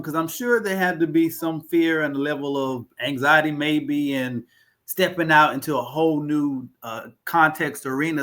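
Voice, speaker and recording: A man's voice: on the high side, a bit bright. A man hosting a podcast, asking questions in an encouraging, enthusiastic way. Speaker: podcast host. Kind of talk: podcast interview.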